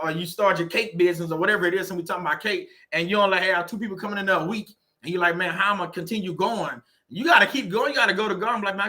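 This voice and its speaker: A Southern US man speaks in a fairly high, bright voice, rattling along quickly. He gives a casual, faith-based motivational vlog talk. He is chatty and repetitive and laughs often. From Southern United States. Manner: chatty, repetitive, laughing often, says "you know what I'm saying". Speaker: faith-based YouTuber and real estate agent.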